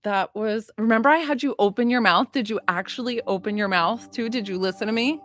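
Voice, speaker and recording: A woman who works as a psychic medium and healer, chatting excitably on a livestream and greeting her viewers by name. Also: fairly high pitch, a little fast. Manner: gushing, excitable, chatty, reads out viewer names. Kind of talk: excitable casual livestream chat.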